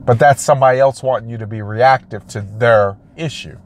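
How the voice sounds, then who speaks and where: A man's voice: medium pitch, fairly quick, a little hiss or hum. A man, a realtor, giving an emphatic motivational talk and repeating his phrases for effect. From United States.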